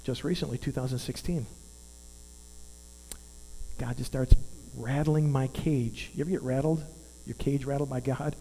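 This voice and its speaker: A man's voice: mid-range voice, steady tone, moderate pace, vocal fry, pauses often, warm tone. Man in his fifties preaching in a reverberant hall. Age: 50s. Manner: earnest, conversational, asks the audience questions. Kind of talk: sermon. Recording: long hall reverb with mains hum.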